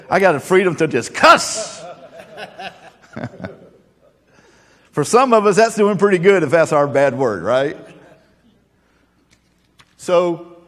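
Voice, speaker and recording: A man's voice: high voice, in a large hall. A male pastor preaching a sermon, folksy and joking, then earnest and emphatic.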